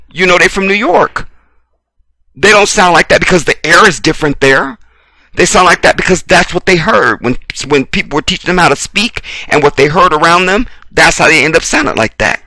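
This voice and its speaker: Blunt, profane man ranting, bright and dry. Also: a little high, no echo. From United States. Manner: blunt, profane, preachy, repeats phrases for emphasis. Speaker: video commentator. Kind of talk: impassioned commentary rant.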